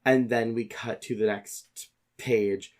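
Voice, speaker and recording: Low-voiced man describing game scenes. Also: steady tone, slow, a little mellow. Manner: descriptive, casual, many fillers. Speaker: player. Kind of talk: actual-play tabletop game narration.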